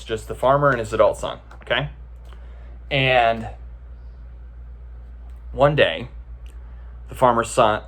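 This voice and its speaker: A man gives a relaxed, conversational talk as a meditation teacher and slips into storytelling. His voice sits at an ordinary middle pitch. He keeps checking in with the listeners as he goes. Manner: casual, conversational, with many filler checks.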